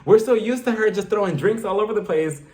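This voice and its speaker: A man's voice: high-pitched, quick pace, a little mellow. A man giving a casual, gossipy recap of a reality show, chatting with lots of filler words. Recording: echoey room.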